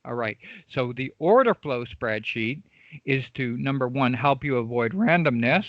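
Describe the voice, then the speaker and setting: A man teaching an online trading class, stressing points through repetition and frequent "right?" checks. His voice sits at a middle pitch. The sound is dry and a bit dull, like a computer mic on a video call. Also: expressive, a little slow, no room sound. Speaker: trading coach. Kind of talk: live online class lecture.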